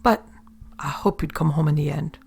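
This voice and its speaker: Woman doing an old scolding mother, storybook tale, stern, reproachful, gravelly, breathy. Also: low voice, moderate pace, darkish tone, full character voice.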